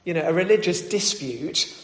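A man with a high voice reads scripture and then preaches. He talks loosely, with plenty of fillers and restarts. The recording is echoey, with a long reverb from a church hall. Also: animated, normal speed, a bit bright. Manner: conversational with many fillers and restarts. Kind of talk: scripture reading and sermon.

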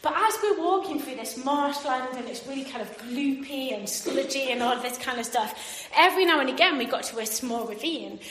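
A woman with a bright, high voice tells a funny story to a live audience. She is animated, laughs often, and acts out the voices of everyone in it. Her voice rings in an echoey room. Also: fairly quick, few pauses. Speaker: speaker.

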